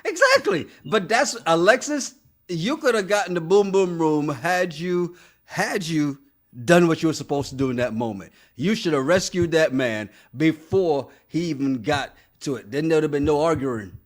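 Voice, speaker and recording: A man's voice: on the high side, lively intonation, moderate pace. A man co-hosting a podcast, chatting casually about a reality show, laughing often and scolding the cast in jest. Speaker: podcast co-host.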